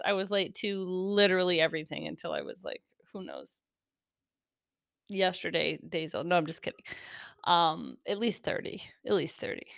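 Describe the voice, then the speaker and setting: Recorded dry in a clean studio, a woman speaks in a lowish, slightly bright, clean-toned voice. Running her own casual podcast while a little caffeine-shaky, she rambles, giggles, and cuts herself off.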